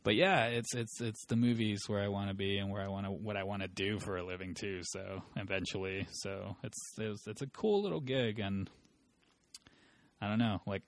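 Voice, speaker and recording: Guy rambling on about his job, swears constantly, lowish voice, dead dry sound. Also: moderate pace, dry recording. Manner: profane, rambling, animated storytelling. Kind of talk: casual chat.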